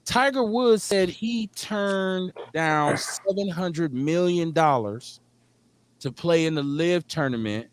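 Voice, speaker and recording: A man's voice: on the high side, takes it slowly, clean tone. A man hosting a radio talk show with a Milwaukee accent, telling long stories and acting out the people in them. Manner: storytelling, animated, acts out the people in his stories. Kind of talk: casual chat.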